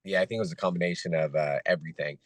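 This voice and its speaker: Hoarse deep-voiced man. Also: steady tone, no room sound. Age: 30s. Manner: halting, many restarts and fillers. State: hoarse, losing his voice. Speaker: guest fighter. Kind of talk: casual interview chat.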